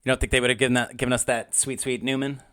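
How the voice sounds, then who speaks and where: A man's voice: mid-range voice, flat delivery, fast talker, fairly bright tone. A man co-hosting a film podcast, talking in a jokey, casual way.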